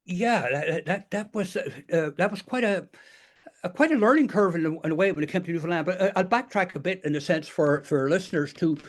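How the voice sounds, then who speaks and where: An older Northern Irish man recalls his teaching days as an interview guest. His voice sits a little high for a man, and he wanders through stories with frequent restarts and "you know"s. He speaks in a casual, conversational way. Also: a little fast. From Northern Ireland. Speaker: guest, retired teacher and memoir author.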